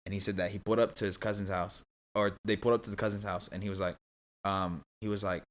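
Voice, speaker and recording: A man's voice: lowish voice, level tone, quick pace. A young man telling a story as a podcast guest in a casual, rambling way, full of "like" and restarts.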